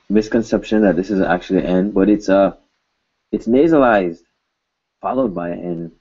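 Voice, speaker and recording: A man teaching a recorded language lesson in an informal, joking way, saying example words slowly and more than once. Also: deep voice, mellow, lo-fi sound.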